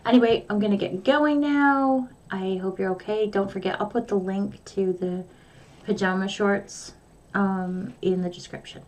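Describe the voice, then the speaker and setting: A woman's voice: mid-range voice, fairly even intonation, a little slow. An older woman with grown children and a grandson, telling a rambling story to her viewers in casual, chatty vlog talk. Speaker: vlogger.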